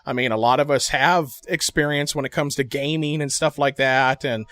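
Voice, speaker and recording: A man's voice: medium pitch, normal speed, a little hiss or hum. A man hosting a casual group podcast, telling stories animatedly and acting out what others said. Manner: animated, acts out quotes in funny voices. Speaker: podcast host.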